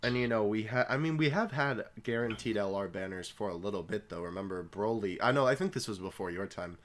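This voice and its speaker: A man's voice: fairly low pitch, animated, brisk. A young man co-hosting a casual gaming podcast, laughing often and trailing off with fillers. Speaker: podcast co-host.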